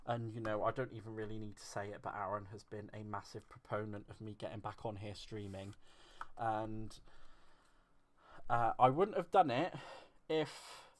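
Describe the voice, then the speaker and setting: A man's voice: on the low side, moderate pace. A man hosting a crafting live stream, chatting casually and rambling, answering viewers' comments and poking fun at himself. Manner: chatty, rambling, self-deprecating, reads and answers chat. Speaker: crafting livestream host.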